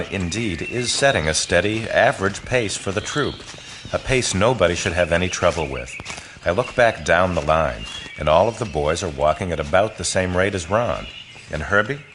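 A man's voice: sits low, noisy background. A man narrating an audiobook in the first person, telling the story expressively. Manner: expressive storytelling that voices the boys.

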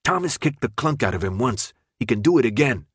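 A man's voice: medium pitch, expressive, brisk, breathy edge, dry recording. A male narrator voicing a cocky teenage boy with a dry, sarcastic manner. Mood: scornful.

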